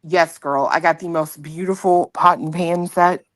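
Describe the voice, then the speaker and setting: A woman co-hosting a casual chat, relaxed and drawling with many likes. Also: on the low side, unhurried, no room sound.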